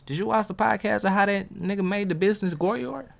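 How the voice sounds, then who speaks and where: A man giving a casual motivational talk to viewers. He uses street slang, asks them questions and gets hyped, with big jumps in pitch. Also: a little fast, creaky. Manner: talks straight to viewers, asking questions. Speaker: motivational vlogger.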